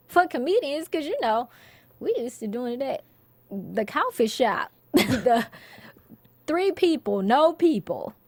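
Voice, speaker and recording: A woman's voice: on the high side, lively intonation, slow, darkish tone, dry recording. A woman comedian, chatting casually in an interview and laughing often. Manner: laid-back, laughs often, storytelling. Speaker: comedian guest.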